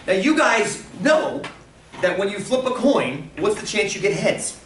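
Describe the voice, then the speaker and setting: A male teacher giving a casual, animated classroom lecture, encouraging students and asking them questions. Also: high voice, unhurried, slight background noise. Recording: echoey classroom from far off.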